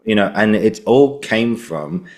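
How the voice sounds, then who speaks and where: Kiwi guy hosting a podcast, real deep voice, loose and rambly, lots of ums. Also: a little slow. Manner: rambling, loose storytelling with many fillers. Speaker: podcast host. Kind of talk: casual interview chat.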